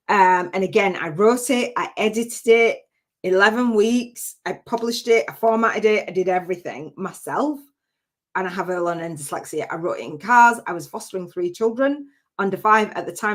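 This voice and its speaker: Brief: woman, spiritual business coach hosting a live masterclass. Energetic, emphatic, rambles freely, mid pitch. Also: moderate pace. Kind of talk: live-stream masterclass teaching.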